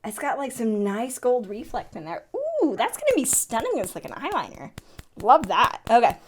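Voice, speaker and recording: A young woman in a casual makeup unboxing vlog, chatty and excitable, often gasping and laughing. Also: fairly high pitch, moderate pace, a little hiss or hum. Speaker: beauty vlogger.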